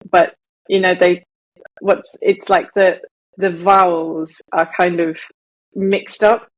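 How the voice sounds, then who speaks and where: A woman's voice: on the low side, poor audio. A woman co-hosting a podcast in casual chat, rambling and correcting herself as she goes. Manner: rambling, self-correcting, laughs at own examples. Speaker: podcast co-host.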